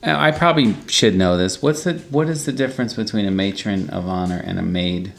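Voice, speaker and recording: A man's voice: low-pitched, fairly quick, creaky, a little hiss or hum. A man co-hosting a podcast, chatting casually, joking and asking questions. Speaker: podcast co-host. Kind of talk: casual chat.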